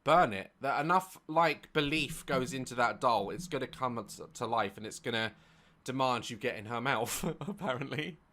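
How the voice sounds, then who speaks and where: A woman's voice: rumbling low, animated, normal speed, fairly bright tone. A woman hosting a comedic reaction video, sarcastic and incredulous.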